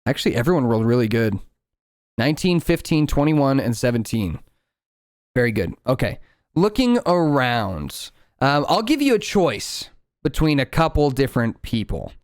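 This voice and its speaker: A man's voice: medium pitch, very animated, moderate pace, no echo, clean studio sound. A man running a tabletop game as game master, narrating loosely with lots of fillers and restarts.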